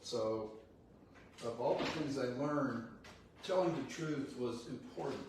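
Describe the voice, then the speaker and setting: A man's voice: medium pitch, slow. Older man speaking far off in an echoey room. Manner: blunt, folksy, frequently laughing. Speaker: real estate CEO giving a talk. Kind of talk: motivational talk. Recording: echoey room, distant mic, faint noise.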